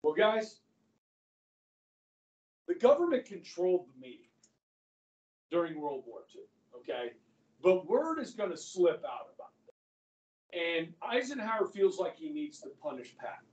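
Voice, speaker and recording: A male history teacher lecturing his class, telling the story in an animated way and often calling the students "guys". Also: sits high, measured pace, pauses often, lo-fi sound. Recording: echoey classroom from far off.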